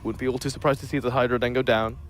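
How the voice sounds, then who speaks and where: A man commentating a strategy game as a caster, joking dryly with his co-caster between steady, analytical calls. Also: mid-range voice, very fast, faint music behind. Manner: dry joking banter, then steady analysis. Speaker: esports caster.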